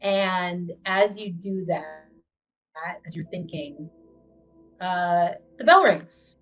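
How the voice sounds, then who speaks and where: A woman's voice: fairly low pitch, lively intonation, extremely slow, soft background music, poor audio. A woman running a tabletop role-playing game as game master, narrating in a rambling, hesitant way with many fillers.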